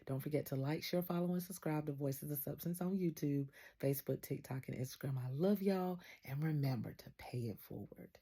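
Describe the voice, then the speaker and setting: A woman's voice: sits low, a little fast, hardly any pauses, dark tone, breathy edge. A woman, earnestly telling a story as the host of a faith channel and retelling conversations line by line. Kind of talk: casual spoken testimony.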